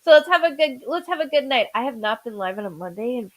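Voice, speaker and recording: High-voiced chatty woman hosting a live stream. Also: lively intonation, fast, poor audio. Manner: chatty, repeats names, stutters. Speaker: psychic medium host. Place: home.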